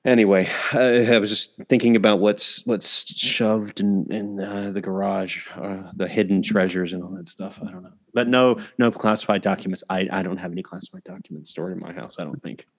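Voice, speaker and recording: Low-voiced man hosting a chatty podcast. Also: fairly even intonation, fairly quick, hardly any pauses. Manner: rambling, self-interrupting, laughs often. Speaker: podcast host. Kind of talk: casual podcast chat.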